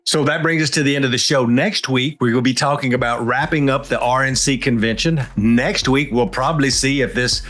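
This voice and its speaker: A man's voice: medium pitch, a little fast, few pauses, a bit bright. A man, co-hosting a political podcast in a folksy, joking way. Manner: folksy and joking, wraps up the show. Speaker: podcast co-host. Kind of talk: casual political chat.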